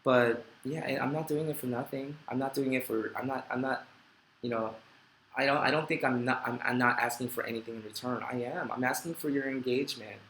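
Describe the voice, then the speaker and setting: A middle-aged man chatting on a late-night livestream, heartfelt and a little rambling, breaking up the sincerity with self-mocking jokes. His voice is bright and forward, and it bounces around a roomy space over a faint hiss. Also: mid-range voice, steady tone, a little fast. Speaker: host of a live Q&A stream. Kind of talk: casual live-stream chat, reading viewer comments. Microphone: desk microphone.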